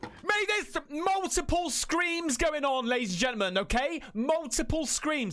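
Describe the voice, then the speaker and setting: A man with a British accent giving loud, excitable reaction commentary full of swearing. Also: very high-pitched, unhurried. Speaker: reaction host.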